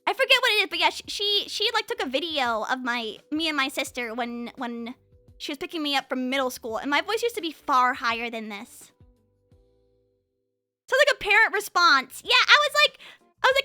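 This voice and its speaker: A young woman streamer chatting casually with her live chat, talking very fast and bubbly. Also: high-pitched, sing-song, bright, forceful tone, dry recording, faint music behind.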